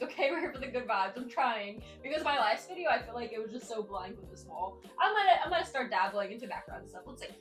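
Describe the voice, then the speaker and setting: A woman's voice: a little high, fairly bright tone. A woman hosting a casual chat, reading Reddit stories aloud in a rambling, filler-heavy way, sitting in a spinny chair. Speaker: host. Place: indoors at home in a spinny chair. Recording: echoey room, faint background music.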